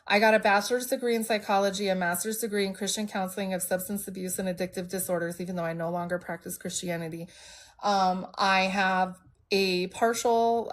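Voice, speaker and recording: Blunt, emotional woman streamer. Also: mid-range voice. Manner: open and emotional, speaks bluntly. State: congested from allergies. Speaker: livestream host. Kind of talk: candid personal storytelling.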